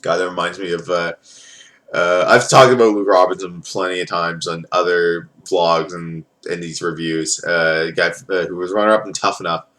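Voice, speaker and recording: A man's voice: low voice, fairly even intonation, normal speed, fairly bright tone. A man reviewing a wrestling reality show in a casual, rambling vlog, swearing freely and filling gaps with "uh" and "like". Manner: rambling, profane, lots of filler.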